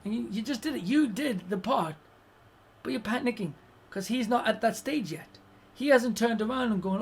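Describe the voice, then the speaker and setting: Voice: mid-range voice, moderate pace, breathy edge. A streamer giving relationship advice in casual live-stream chat, blunt and swearing constantly, acting out the people in the stories. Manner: animated, acts out quoted voices.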